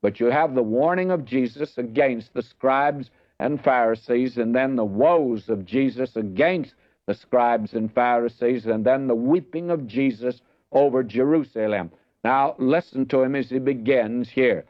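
A man delivers a verse-by-verse Bible teaching in an earnest, emphatic manner, often turning to address his listeners directly. His voice sits at an ordinary middle pitch. The recording is dry and dull, with a muffled lo-fi tone. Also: measured pace, no echo.

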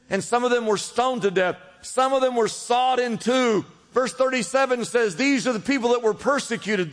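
A man preaching a sermon to a congregation, calling out to the crowd and swinging between loud emphasis and quiet drops. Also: high voice. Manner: preaching with call-and-response, rising and dropping emphasis. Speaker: pastor. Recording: long reverb of a large hall.

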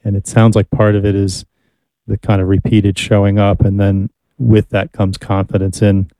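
Flat, mellow-voiced male interviewer. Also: on the low side, no echo. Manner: measured, searching for words. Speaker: interviewer host. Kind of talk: interview questions.

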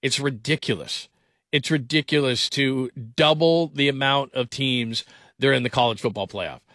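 A man's voice: mid-range voice, moderate pace, fairly bright tone, no room sound. A middle-aged man giving an opinionated, emphatic sports commentary monologue, repeating words for stress. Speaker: sports talk host.

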